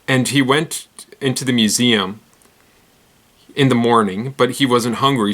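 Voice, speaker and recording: The host of this casual weird-news roundup is a man whose mid-range voice sounds bright and forceful. He wanders off topic, giggles a lot and mocks himself as he fumbles words.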